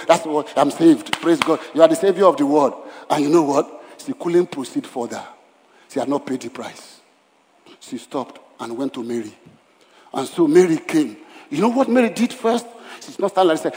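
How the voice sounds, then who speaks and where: Male pastor mid-sermon, emphatic with hushed drops, slightly high voice, echoing church hall. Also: moderate pace. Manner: emphatic, swings between loud and hushed. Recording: long hall reverb.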